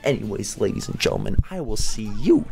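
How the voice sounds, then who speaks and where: A man giving excitable commentary over his own video game play as a gaming video host. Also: fairly low pitch, a little fast, creaky, music in the background. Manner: animated, squeals and baby-talks at cats. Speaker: gaming YouTuber.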